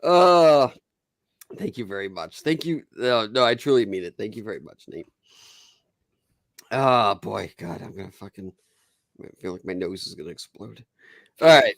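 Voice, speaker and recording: A man's voice: lowish voice, animated, normal speed, long pauses, no echo, studio quality. A man hosting a casual podcast chat, boisterous, laughing often and swearing freely. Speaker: podcast host.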